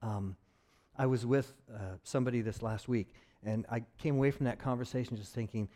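Male pastor, mid-pitched voice, easygoing conversational sermon with jokes. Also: fairly even intonation, fairly quick, dark tone. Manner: conversational, joking asides.

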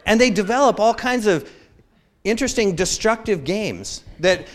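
Preacher, man in his 50s, a touch high-pitched, animated storyteller who acts out the voices in his anecdotes and pokes fun at himself. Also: moderate pace. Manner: animated storytelling, acting out quotes; self-deprecating humor. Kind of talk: sermon.

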